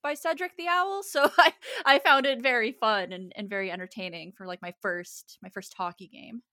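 A woman's voice: on the high side, moderate pace, bright, forceful tone, dry recording, studio quality. A woman co-hosting a podcast in casual chat, talkative and laughing easily. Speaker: podcast co-host.

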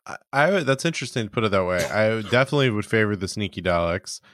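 A man's voice: on the low side, expressive, quick pace, fairly bright tone, no echo. A man co-hosting a podcast in casual chat, dry and joking, laughing often. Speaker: podcast co-host.

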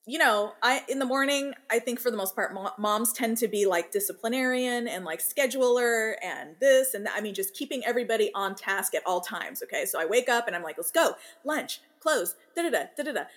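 A woman in her thirties, a working mother and podcast guest, telling family stories in a lively way and laughing as she talks. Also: fairly high pitch. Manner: animated storyteller, laughs while talking. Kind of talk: casual interview chat.

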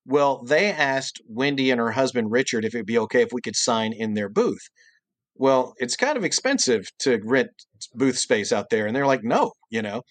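A middle-aged man tells an anecdote as a podcast guest, with an animated delivery that jumps into high, exaggerated voices for quoted lines. His voice sits in a middle pitch. The sound is dry and close, with no room echo. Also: normal speed. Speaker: guest voice actor and cartoonist. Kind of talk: storytelling anecdote in podcast interview.

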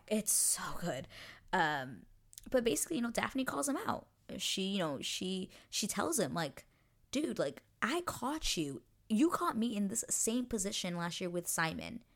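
A woman hosting a casual recap, acting out quoted lines in an animated way with frequent laughs and dips into whispers. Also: on the low side, creaky. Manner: animated, lots of likes and laughs, slips into whispers. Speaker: podcast host recapping a TV episode.

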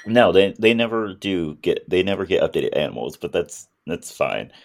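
A man's voice: deep voice, big pitch swings, moderate pace, creaky. A man co-hosting a podcast, casually recapping a movie's plot and acting out its characters' lines. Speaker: podcast co-host.

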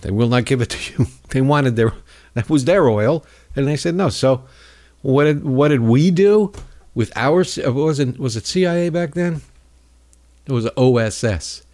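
A man's voice: medium pitch, animated, unhurried, darkish tone. A man hosting a political talk show, delivering a rambling, sarcastic monologue and mocking his opponents in put-on voices.

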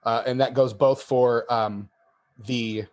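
A man's voice: mid-range voice, steady tone, slow, a little mellow. A man hosting a casual podcast, chatty and friendly with his guest. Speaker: podcast host.

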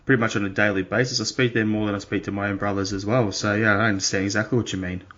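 A man's voice: on the low side, steady tone, very fast, fairly bright tone. A man hosting a podcast, joking in a laid-back, sweary casual chat. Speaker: podcast host. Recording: dull lo-fi audio.

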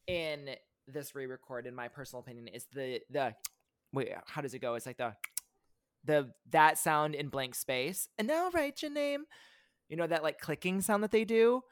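A man's voice: a little high, unhurried, fairly bright tone, clean tone. A man co-hosting a casual pop culture podcast, rambling with frequent restarts as he gives passionate fan opinions. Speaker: podcast co-host.

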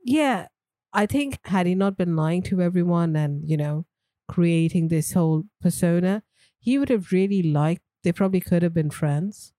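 A woman co-hosts a casual movie podcast in a mellow, warm voice. She is easygoing and agreeable and chats freely. The sound is dry and close. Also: fairly low pitch, moderate pace, dry recording. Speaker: podcast co-host.

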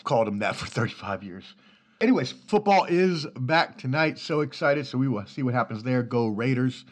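A man's voice: medium pitch, animated, moderate pace. A man in his thirties from the Washington, D.C. area, hosting his own podcast from a home studio in an apartment, talking in a loose, profane, easygoing way and laughing easily. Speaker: podcast host. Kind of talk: casual solo podcast rambling. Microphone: studio mic through a preamp.

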